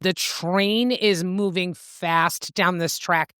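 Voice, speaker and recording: Podcast co-host, woman with a low voice; casual, profane, animated plot recap on a dry, close mic. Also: slow pace, clear, resonant tone, no echo. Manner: animated storytelling, swears freely. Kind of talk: casual book-club recap.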